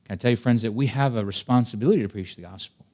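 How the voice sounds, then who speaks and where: A man's voice: medium pitch, very fast, dark tone. A male pastor preaching a sermon to his congregation, emphatic and direct, full of rhetorical questions. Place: church service before a congregation.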